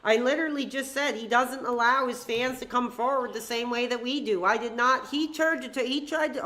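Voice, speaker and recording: A woman's voice: fairly high pitch, normal speed, few pauses, pushed and bright. A woman hosting a live stream with fan call-ins, talking in a heated, ranting way with frequent swearing. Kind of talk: live-stream chat with fans.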